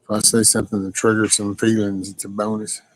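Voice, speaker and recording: A man's voice: on the low side, level tone, a little fast, no echo, poor audio. A man in his sixties hosting a casual live stream, chatting bluntly and folksily with plenty of profanity while answering viewer comments.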